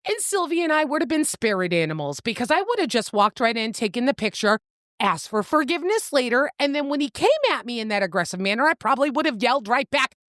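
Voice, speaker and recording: Bookish podcast lady, super animated voice, casual cussing storyteller. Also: fairly high pitch, quick pace, no echo, studio quality. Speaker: book podcast co-host. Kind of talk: casual chat, retelling a novel's plot.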